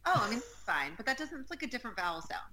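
Woman with a lively, dry delivery. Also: on the high side, rapid-fire, crowd noise. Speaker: podcast panelist. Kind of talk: casual chat.

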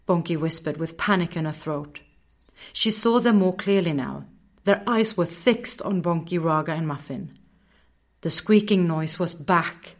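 A woman narrating a children's story in a gentle, measured way. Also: lowish voice.

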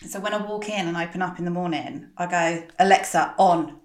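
A woman's voice: lowish voice, fast talker, roomy sound. A woman co-hosting a podcast, making dry, matter-of-fact remarks in casual chat. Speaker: podcast co-host.

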